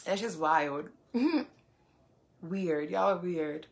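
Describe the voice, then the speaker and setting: A woman's voice: lowish voice, lively intonation, extremely slow, vocal fry. A woman vlogger venting to her viewers in heated casual talk, cursing freely and repeating phrases for emphasis.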